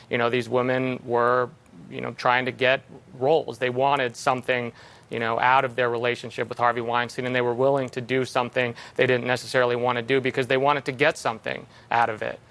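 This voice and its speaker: A male attorney giving legal analysis in a TV studio, measured and full of fillers. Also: mid-range voice, fairly bright tone. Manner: measured, many fillers like "you know". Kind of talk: news talk interview.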